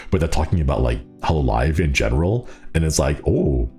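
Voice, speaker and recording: A young man with an extremely low voice chats casually with his stream audience. He rambles, restarts sentences and laughs often. Faint music plays in the background. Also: expressive, fast talker, a little mellow. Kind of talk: casual chat reading viewer comments.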